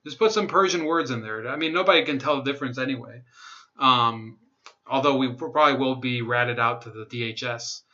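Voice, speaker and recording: A young man hosts a livestream, reading news aloud in a bright, tense voice. He drops into sarcastic remarks and reads out viewer comments. The sound is dull and lo-fi, like a home stream. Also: mid-range voice, brisk. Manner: sarcastic, laughs at own jokes, reads chat comments. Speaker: livestream host.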